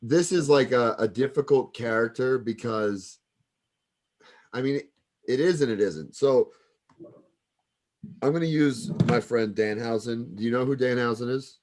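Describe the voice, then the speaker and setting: A man's voice: mid-range voice, a little slow, long pauses, darkish tone. A man coaching wrestling students, giving rambling casual feedback full of fillers. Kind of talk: casual critique.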